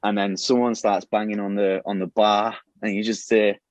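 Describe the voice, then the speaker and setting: A man's voice: fairly low pitch, level tone, normal speed, no room sound. A man on a podcast casually retelling a plot idea, rambling with many restarts and fillers. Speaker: podcast host pitching a show plot. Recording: dull, lo-fi and dry.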